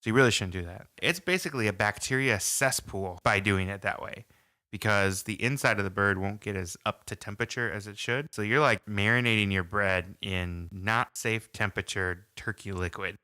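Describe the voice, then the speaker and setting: A man's voice: on the low side, normal speed, sharp tone, no echo, studio quality. A man co-hosting a casual podcast, joking around and giving cooking tips. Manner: jokey, gives cooking tips. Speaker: podcast co-host. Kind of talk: casual chat.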